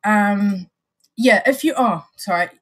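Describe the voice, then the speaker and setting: A woman's voice: medium pitch, slow. A woman with a New Zealand accent, co-hosting a casual chat and explaining things at length with lots of restarts. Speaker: vape show co-host.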